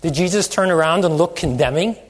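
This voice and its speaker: A man's voice: a little high, brisk. A man preaching a sermon, asking many questions and stretching out phrases for emphasis. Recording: long hall reverb.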